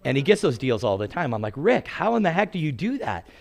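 A man's voice: mid-range voice, very animated, fast talker, gravelly. A man in his sixties preaching a sermon in a storytelling way, acting out quotes and laughing at his own stories.

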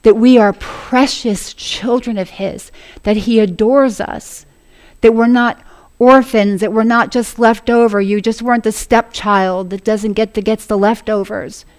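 Woman preacher, earnest sermon delivery, laughing often, fairly high voice. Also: steady tone, unhurried, a little mellow. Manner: earnest, laughs often, addresses congregation as family.

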